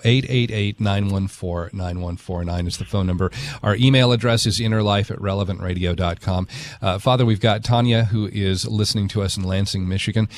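A man hosting a radio talk show, friendly and conversational as he takes calls. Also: sits low. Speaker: radio host.

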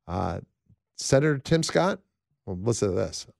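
A man's voice: fairly low pitch, big pitch swings, unhurried, gravelly, darkish tone, no echo, studio quality. Rambling male talk show host. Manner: rambling, conversational, lots of fillers.

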